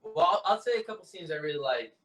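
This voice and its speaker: Enthusiastic male co-host, fairly high voice, a bit off-mic in an echoey room. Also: sing-song, rapid-fire, a bit bright, recorded from a distance. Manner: enthusiastic, retells movie scenes with quotes. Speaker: podcast co-host. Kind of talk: casual movie chat.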